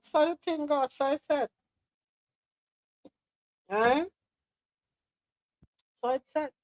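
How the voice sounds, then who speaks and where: A woman's voice: sits high, drawn-out words, no room sound. Emphatic Jamaican woman hosting, dry sound. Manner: emphatic, opinionated, switches into patois. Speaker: podcast host. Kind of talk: live news-talk podcast commentary.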